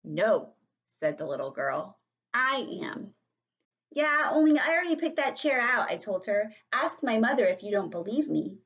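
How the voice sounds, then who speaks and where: A woman voicing a loud, bossy kindergarten girl in a storybook read-aloud, with a husky voice. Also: mid-range voice, expressive, measured pace, dull audio. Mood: pushy. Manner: brash and hollering.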